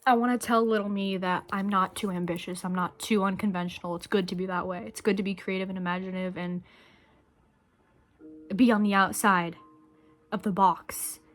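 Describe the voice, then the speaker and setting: Soft music plays behind a young adult woman vlogger speaking to camera at normal speed in a steady, mid-range voice. Her monologue is earnest, emotional and rambling, with casual swearing as she shares what she thinks.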